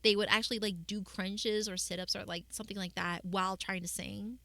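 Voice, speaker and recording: Bright chatty young woman streamer. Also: medium pitch, level tone, fairly quick, gravelly, dry recording. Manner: chatty, rambling with many fillers and restarts. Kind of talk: casual chat with viewers.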